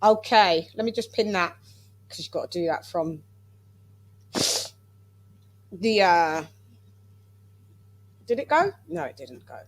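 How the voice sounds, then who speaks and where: A woman's voice: on the low side, very animated, slow pace, pauses often. A woman from England hosting a casual boxing chat livestream, playful and chatty, singing little jingles as she brings guests in. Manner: playful, sing-song intros, chatty asides. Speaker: livestream host.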